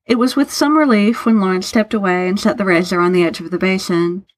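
A woman narrating fiction aloud in an unhurried, even storytelling manner. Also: medium pitch.

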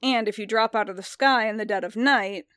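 A woman voicing a gruff, steady male bounty hunter who speaks in dry, even tones, read aloud from a story. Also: medium pitch, fairly quick, no echo, lightly acted.

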